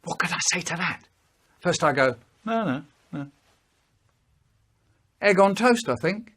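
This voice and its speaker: A man in his sixties telling stories in a chopped-up comedic remix, with an animated, exaggerated delivery. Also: a little high, normal speed, slightly rough. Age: 60s. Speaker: storyteller. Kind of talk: spliced comedic storytelling remix.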